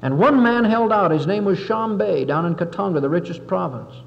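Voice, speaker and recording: A man's voice: sits high, lively intonation, fairly quick, vocal fry, a little hiss or hum. A man giving an impassioned public speech, speaking emphatically and with oratorical force, sometimes acting out the people he quotes. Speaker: political lecturer. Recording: dull 1961 lo-fi tape with long hall reverb.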